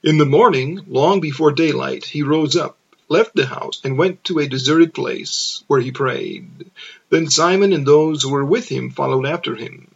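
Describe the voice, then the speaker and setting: A man reading scripture aloud as narration, slow and measured. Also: fairly high pitch, creaky, husky, muffled recording. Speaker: scripture reader.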